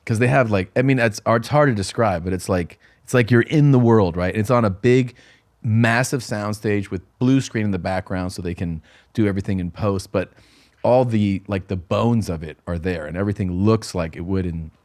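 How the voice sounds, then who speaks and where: Low-voiced man telling a lively story. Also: moderate pace. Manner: animated, acts out quoted dialogue, frequent laughs and "like". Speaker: guest comedian. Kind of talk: casual storytelling chat.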